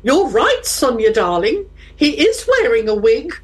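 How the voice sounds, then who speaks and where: A woman's voice: on the high side, very animated, measured pace, husky, soft background music, heavily acted. A woman voicing her elderly, unfiltered mother, blunt and bossy. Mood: gleeful.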